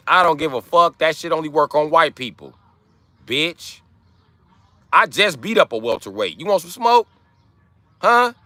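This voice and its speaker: A man's voice: a little high, pushed and bright, no room sound. A man hosting a livestream, ranting in brash, profane trash talk. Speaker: livestream host. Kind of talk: live-stream rant.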